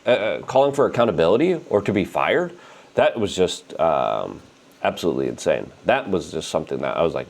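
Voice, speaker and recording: A man hosting a political commentary show, animated and indignant, talking with strong emphasis. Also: sits low, brisk, vocal fry. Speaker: host.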